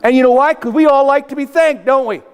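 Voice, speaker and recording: Talking fast in a very high-pitched voice, this older motivational speaker from South Dakota, United States, delivers a funny keynote before a live crowd. His storytelling mixes acted-out quotes with punchy asides, heard through long hall reverb.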